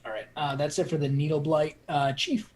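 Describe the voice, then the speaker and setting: A man running a tabletop game as game master, relaxed and laughing often. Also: fairly high pitch, a little fast, poor audio.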